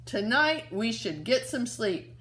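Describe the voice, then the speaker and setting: A woman voicing a clever, calm schoolboy in a storybook read-aloud, matter-of-fact in manner. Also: a little high, takes it slowly, heavily acted. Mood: scheming.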